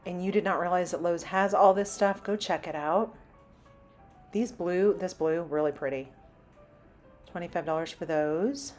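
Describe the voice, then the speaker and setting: Chatty woman vlogging a store walkthrough. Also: on the low side. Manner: chatty, lists prices while browsing. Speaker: shopping vlogger. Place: inside a large home improvement store.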